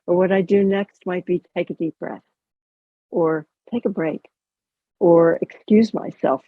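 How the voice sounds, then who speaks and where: A chaplain guides listeners through a self-compassion practice in a calm, conversational way, with touches of gentle humor. Her woman's voice is husky and slightly gravelly. The sound is dry and dull, typical of a lo-fi video call. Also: on the low side, measured pace, dry recording. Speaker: chaplain and educator. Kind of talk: guided mindfulness teaching.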